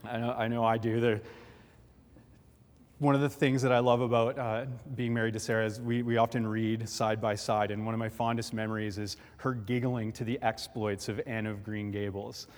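A man preaching a sermon, telling a story with lively, animated delivery in a church hall. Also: lowish voice, moderate pace. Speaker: pastor. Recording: long hall reverb.

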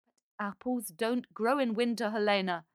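A woman voicing a meek, kind young girl who pleads softly in a storybook. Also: on the high side, fairly even intonation, normal speed, no room sound, studio quality, close to an everyday voice. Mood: pleading. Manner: pleading, soft-voiced.

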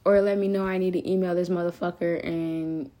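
A woman's voice: fairly low pitch, little pitch movement, fairly quick, mellow. A young woman in a confessional solo monologue, venting and rambling with lots of swearing and filler words. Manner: frequent fillers like "like" and "um". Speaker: podcast host.

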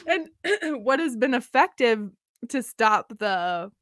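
Woman in her thirties, podcast co-host, casual chat, laughs a lot, higher voice, dry close sound. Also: sing-song, takes it slowly, a bit bright, dry recording. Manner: laughs often, self-mocking.

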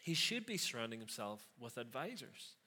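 A man's voice: mid-range voice, sing-song, normal speed, sharp tone, breathy edge. A man preaching a conversational sermon, with sarcastic asides and frequent questions to the listeners.

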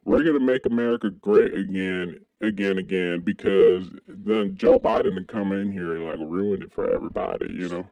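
A man from Kentucky co-hosting a crude comedic podcast, talking in an animated way with sudden high exclamations. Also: moderate pace, hardly any pauses, dry recording, rough recording. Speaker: podcast co-host.

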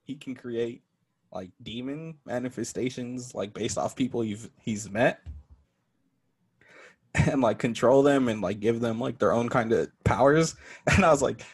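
A man's voice: medium pitch, unhurried, husky. A man co-hosting a podcast, talking casually in slang with many fillers and frequent laughter. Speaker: podcast co-host.

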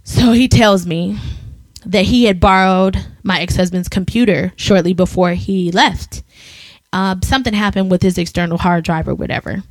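A woman co-hosting a podcast, chatting casually and telling a personal story with animated, acted-out quotes. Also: mid-range voice, moderate pace, no room sound. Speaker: podcast co-host. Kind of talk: casual chat.

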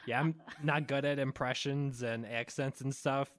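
A man's voice: mid-range voice, fairly even intonation, moderate pace, a bit bright, no room sound, clean studio sound. A man co-hosting a podcast in casual chat, laughing constantly and rambling loosely. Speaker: podcast co-host.

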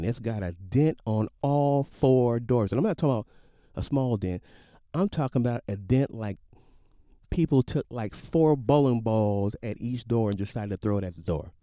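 A man in his late forties casually telling a personal story, animated and slangy, with sound effects. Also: medium pitch, dry recording, studio quality. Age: 40s. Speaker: podcast storyteller.

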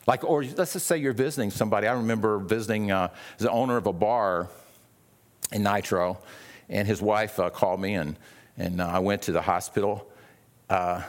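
A male pastor preaching a sermon in a conversational way, often repeating words and acting out quoted voices. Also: on the low side.

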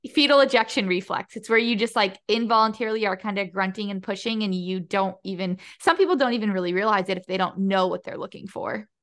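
A woman's voice: mid-range voice, fast, hardly any pauses, fairly bright tone. Engaged woman podcast host. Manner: engaged, frequent reactions and follow-up questions. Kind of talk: casual interview chat.

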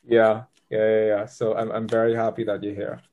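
Man, tarot reader mid-session, mellow warm tone, chatty and upbeat, walks the client through each step. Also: fairly low pitch, monotone, normal speed, dull audio, slight background noise. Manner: upbeat, chatty, gives patient step-by-step directions. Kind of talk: live tarot reading session.

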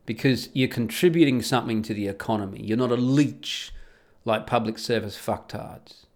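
A man hosts a solo podcast, ranting with open anger and plenty of swearing. His voice sits at a middling pitch and swings between loud outbursts and low, scornful asides. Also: normal speed. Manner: angry, profane, ranting, scornful. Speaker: podcast host.

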